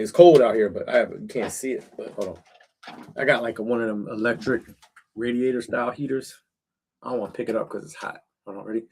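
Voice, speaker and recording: A man's voice: medium pitch, slight background noise. A middle-aged man chatting casually on a livestream from a cold backyard shed, talking straight to his viewers with slang and fillers. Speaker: livestream host.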